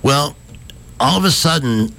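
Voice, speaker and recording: A man's voice: medium pitch, lively intonation, unhurried, creaky, bright, forceful tone. A man hosting a local radio show from the studio, rambling and self-deprecating as he tells stories. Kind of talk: casual morning radio chat.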